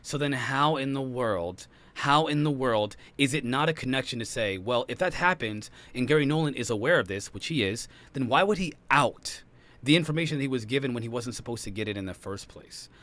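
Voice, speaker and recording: A man's voice: medium pitch, lively intonation, a bit bright. A man hosting a podcast, arguing heatedly and repeating his points, with a British accent. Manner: fast, insistent, repeats himself. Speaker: podcast host. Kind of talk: heated debate.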